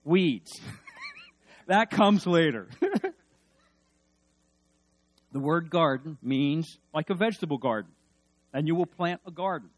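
A male preacher giving a sermon, swinging between loud emphasis and hushed asides and leading the congregation in call-and-response. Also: fairly high pitch, animated, slow, long pauses, no echo, soft background music.

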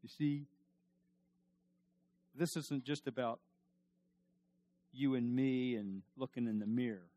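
A male pastor preaching a sermon emphatically, repeating his questions and swinging from loud to hushed. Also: mid-range voice, takes it slowly, long pauses.

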